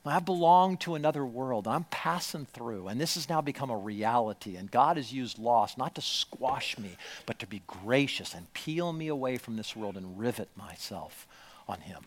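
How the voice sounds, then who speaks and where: A man preaching a sermon to a congregation, swinging from hushed storytelling to loud, emphatic lines. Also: mid-range voice, lively intonation, moderate pace. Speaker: pastor. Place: church, before a congregation.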